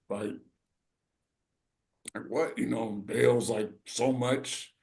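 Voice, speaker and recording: A man's voice: mid-range voice, measured pace, gravelly, a little mellow. A middle-aged man co-hosting a podcast, telling an emotional family story in a rambling, casual way. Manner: rambling, full of "you know" and "right". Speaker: podcast co-host.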